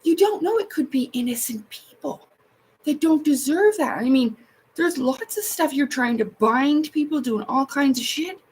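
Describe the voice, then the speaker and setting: A woman's voice: high-pitched, expressive, normal speed, a little mellow, low-quality recording. A woman hosting a casual livestream, chatting while she paints, rambling, swearing and exasperated, upset and close to tears. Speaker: livestream host.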